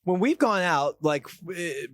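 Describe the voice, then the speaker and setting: A man's voice: sits high, expressive, takes it slowly, fairly bright tone. A man chatting on a radio show in a hesitant, stammering, giggly way. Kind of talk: radio banter.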